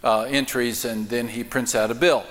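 A man preaching a sermon in a church, telling a joke with voices and then speaking slowly and emphatically. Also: medium pitch, steady tone. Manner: acts out the joke's voices, slow emphatic preaching. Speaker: pastor. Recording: reverberant church hall.

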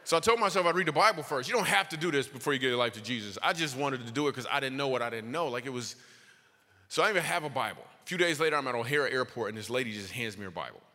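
A man doing stand-up storytelling as a comedian, animated, his voice leaping high for punchlines. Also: rapid-fire. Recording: long reverb of a hall.

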